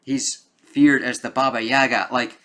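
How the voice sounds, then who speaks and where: A man's voice: mid-range voice, flat delivery, a little slow, pushed and bright. A man giving a casual spoken film review, rambling with lots of "like"s and frequent swearing.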